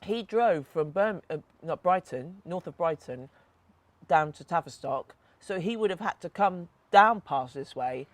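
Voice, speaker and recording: A woman's voice: on the low side, animated, measured pace, dry recording. A woman, a podcast co-host and author, retelling a story bluntly with plenty of swearing, recorded outdoors in a back garden. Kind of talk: casual chat, storytelling.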